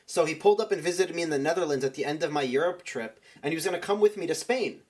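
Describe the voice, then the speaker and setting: Fast-talking young man telling a story. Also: fairly high pitch, lively intonation. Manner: rambling, lots of "like" and restarts. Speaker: streamer. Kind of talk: casual storytelling to stream viewers.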